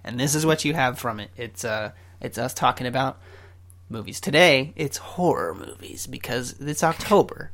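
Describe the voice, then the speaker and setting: A woman's voice: a bass voice, expressive, a bit bright. A woman hosting a casual podcast with a friend, playful and teasing. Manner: playful, teasing, quick to laugh. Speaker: podcast host. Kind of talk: casual chat.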